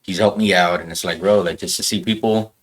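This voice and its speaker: A man in a casual podcast chat, telling a story in rough, profane language. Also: low-pitched, steady tone, fairly quick.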